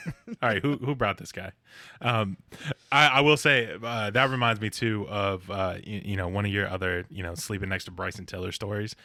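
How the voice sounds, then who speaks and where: A man's voice: on the low side, fairly even intonation, moderate pace, pushed and bright, dry recording, studio quality. A young man co-hosting a podcast, joking and rambling with frequent restarts and laughter. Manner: rambling, restarts a lot, laughs between jokes. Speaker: podcast co-host. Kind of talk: casual chat.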